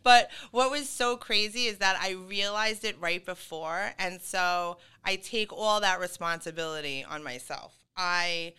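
Bright, clear-voiced chatty woman. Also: fairly low pitch, a little slow, hardly any pauses. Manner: chatty, full of fillers and laughs. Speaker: guest. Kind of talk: casual podcast conversation.

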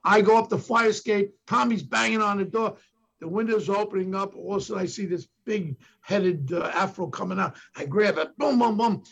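Gravelly older New York storyteller. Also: male voice, high voice, moderate pace, a bit bright, dull audio. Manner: acts out quotes from others with emphatic bursts. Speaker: former police detective telling stories as a podcast guest. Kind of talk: animated storytelling.

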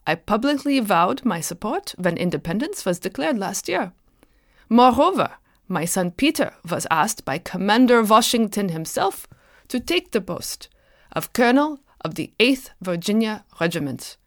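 A man's voice: sits high, very animated, normal speed, a bit bright, no room sound, clean studio sound, exaggerated voice. A woman playing an elderly, dignified German clergyman with a German accent, speaking formally.

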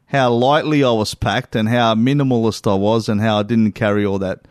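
A man's voice: on the low side, fairly even intonation, normal speed, no room sound, clean studio sound. A man co-hosting a casual chat, wry and teasing. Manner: wry, teasing, self-deprecating. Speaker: podcast co-host.

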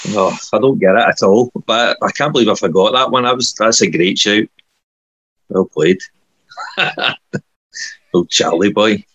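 A man co-hosting a casual podcast chat, agreeable and quick to laugh. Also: lowish voice, fairly bright tone, husky, dry recording, lo-fi sound. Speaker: podcast co-host.

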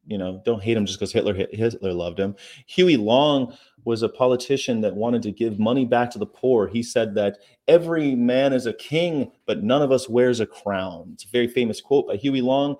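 A man's voice: medium pitch, moderate pace, a little mellow. A man hosting a casual daily chat, rambling through the day's history with fillers and asides. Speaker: vegan channel host.

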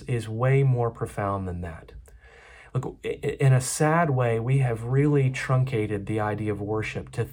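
A man's voice: mid-range voice, darkish tone, breathy edge. A man preaching a sermon as pastor, earnest, often repeating and restarting words as he speaks.

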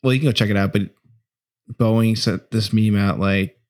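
Teasing low-voiced male co-host. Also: fairly even intonation, moderate pace. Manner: teasing, profane, jokey. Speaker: podcast co-host. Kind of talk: casual chat.

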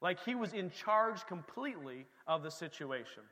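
A man preaching a sermon in a church, swinging between loud emphasis and soft, quiet passages. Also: high voice, very animated, normal speed, in a large hall. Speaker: pastor.

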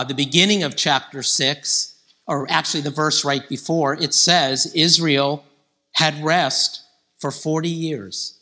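A man preaching a conversational sermon, growing animated when he quotes scripture figures. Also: on the high side.

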